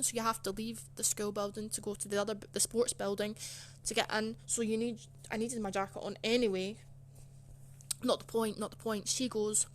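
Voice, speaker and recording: A young woman telling a personal story in a casual, rambling way, soft and emotional, with lots of fillers. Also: a little high, slight background noise. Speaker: channel host.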